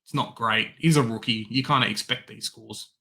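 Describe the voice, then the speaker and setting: A young Australian man hosting a fantasy football show in casual chat, animated, swinging from loud excitement to resigned muttering. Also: mid-range voice, normal speed. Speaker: fantasy football podcast host.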